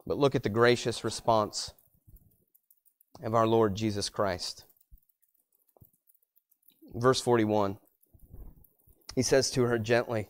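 A man preaching a sermon as pastor, rising to loud emphatic peaks and dropping to quiet low asides, repeating words as he builds his points. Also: fairly even intonation, takes it slowly, pauses often, clear, resonant tone.

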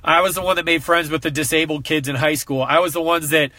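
A man's voice: on the high side, steady tone, fast talker, pushed and bright, dry recording. A man who works as a coach, giving a heartfelt personal talk to a group, earnest and emotional, fighting back tears.

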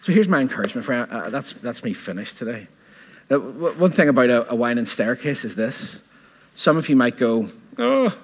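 A man's voice: medium pitch, expressive, fairly quick, slightly rough. A man preaching a sermon in an earnest, conversational way, often asking the listeners questions.

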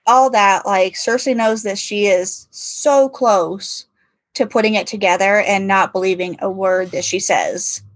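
A woman's voice: medium pitch, fairly even intonation, a little slow, no echo. A woman co-hosting a podcast, analysing a book in a conversational way. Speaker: podcast co-host. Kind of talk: casual book discussion.

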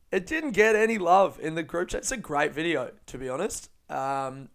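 Excitable sweary man on a podcast. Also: fairly high pitch, gravelly. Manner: animated, sweary storytelling with frequent laughs. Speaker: podcast host and stand-up comedian. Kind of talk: casual podcast monologue.

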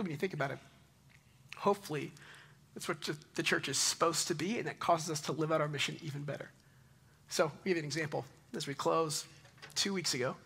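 A man in his thirties preaching a conversational sermon, telling stories in an animated way and closing in prayer. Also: fairly high pitch. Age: 30s. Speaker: pastor.

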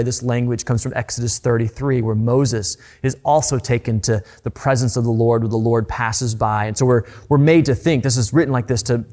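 A man preaching a sermon, reading scripture and explaining it in a reflective, emphatic way, dropping softly at quiet moments. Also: mid-range voice. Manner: reflective, emphatic Bible teaching with soft hushed moments. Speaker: pastor.

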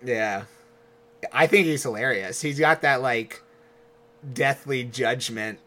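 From the United States, this man co-hosts a casual podcast. His voice is bright and forward, and he tells animated, rambling stories full of asides. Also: medium pitch, slow pace. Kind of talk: casual chat.

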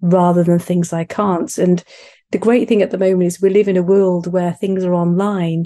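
This is a middle-aged woman from Wales, a guest on an interview podcast. Her voice is mellow and soft-edged, and she talks earnestly, poking fun at herself and growing lively in her anecdotes. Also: lowish voice. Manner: earnest, animated when telling stories, self-deprecating. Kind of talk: podcast interview, personal story.

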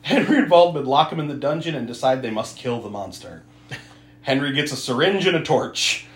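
A man's voice: mid-range voice, expressive, normal speed, reverberant. A man recapping an old film in casual talk, laughing often, swearing, and acting out the characters. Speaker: podcast host.

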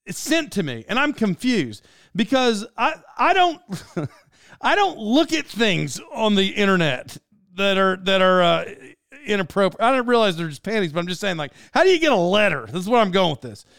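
Man, 30s, casual monologue, animated rambling, crisp voice, dry sound. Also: sits high, normal speed, no echo. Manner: rambling, animated storytelling with laughs.

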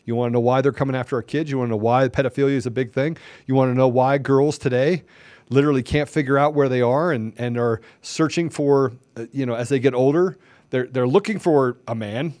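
This podcast host is a middle-aged man with a medium-pitched, steady voice and a brisk pace, recorded with no room sound. He preaches with passion, firing the same rhetorical questions again and again, his volume rising almost to a shout.

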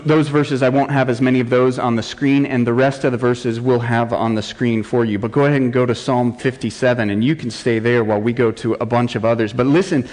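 A man preaching a sermon as pastor, building from quiet gravity to impassioned cries when he reads laments aloud. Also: medium pitch. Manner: impassioned, rising to near-shouts when reading laments. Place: church sanctuary. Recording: long church hall reverb.

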